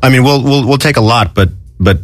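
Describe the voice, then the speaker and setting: A man's voice: medium pitch, a little fast. A man appearing as a guest's manager in a comedic interview, hesitant and polite, stammering through his answers.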